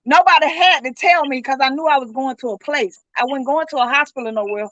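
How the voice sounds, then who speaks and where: Middle-aged woman, grieving mother's account, high and sharp, dry muffled lo-fi audio. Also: a little fast, no echo. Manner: earnest, speaks in vivid retold dialogue. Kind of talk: emotional personal account.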